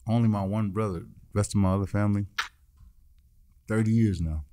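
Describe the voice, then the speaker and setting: A man's voice: fairly low pitch, fairly even intonation, a little fast, mellow. A man, a musician guest in an interview, telling his story bluntly and acting out the voices of the people in it. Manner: blunt, swears freely.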